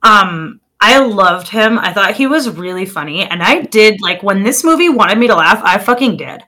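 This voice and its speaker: Bright-voiced woman chatting about movies. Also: medium pitch, moderate pace. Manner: animated, laughs often, loses track of names. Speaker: podcast co-host. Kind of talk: casual movie review chat.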